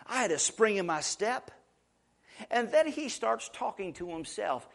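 Male pastor, high voice, preaching, repeats himself for emphasis, shifts from hushed to loud. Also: very animated, measured pace, vocal fry. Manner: repeats words while building emphasis. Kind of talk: sermon.

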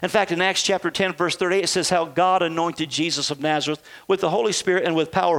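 Male pastor, high voice, preaching to a congregation, rhetorical questions. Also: steady tone, fast talker, few pauses, a bit bright. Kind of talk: sermon.

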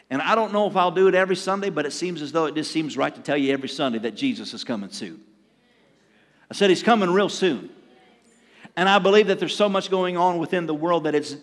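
In a church sanctuary, an older pastor gives a sermon in a chatty, storytelling style, chuckling and now and then acting out his own asides. His voice sits high for a man and rings with the hall's long reverb.

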